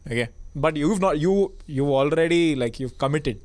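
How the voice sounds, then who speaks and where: A man's voice: on the high side, expressive, a little mellow. Rambling young man. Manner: rambling, halting explanations with many restarts. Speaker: audition judge. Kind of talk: casual comedy chat.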